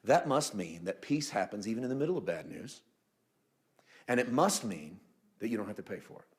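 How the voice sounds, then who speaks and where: A man preaches a sermon in a fairly low voice, talking to his congregation like he is chatting with friends. He slips in humorous asides and now and then drops to a near hush for emphasis. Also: sing-song, fairly quick. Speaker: pastor.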